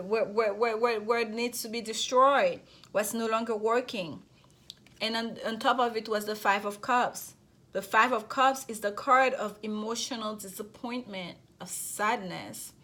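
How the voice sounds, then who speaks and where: A woman with a noticeable non-native accent gives an intuitive tarot reading to camera in a fairly high, fairly bright voice. She's reassuring and repetitive, often restarting her phrases and asking check-in questions of her listeners.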